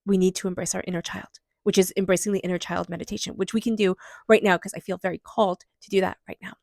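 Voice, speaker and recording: A woman reads tarot cards and guides a meditation in a soft, gentle voice that now and then sinks to a whisper. Her pitch sits in a middle range for a woman. The recording is close and dry, with no room sound. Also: fairly even intonation, fast talker, vocal fry, dry recording. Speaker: tarot reader.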